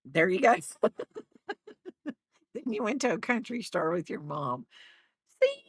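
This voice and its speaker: Lively, chatty middle-aged woman streamer. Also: medium pitch, unhurried, pauses often, breathy edge, no room sound, clean studio sound. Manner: chatty, teasing, laughs often. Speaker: livestream host. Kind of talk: casual chat while crocheting on stream.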